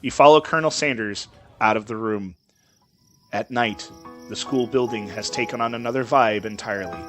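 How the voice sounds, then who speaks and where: A man's voice: on the low side, normal speed. A man hosting a game playthrough, reading the game text aloud and joking about it. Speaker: gaming channel host. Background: game music.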